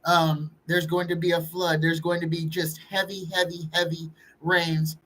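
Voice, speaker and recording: A woman's voice: on the low side, flat delivery, normal speed, a bit bright, rough recording. A woman, a psychic host chatting casually on a live-stream tarot reading, reading viewer questions aloud and greeting chatters by name.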